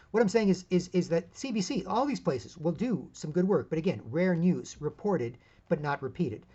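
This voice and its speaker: A man's voice: sits high, dark tone, muffled recording. A man hosting his own independent media show, giving a rambling, emphatic solo commentary full of asides.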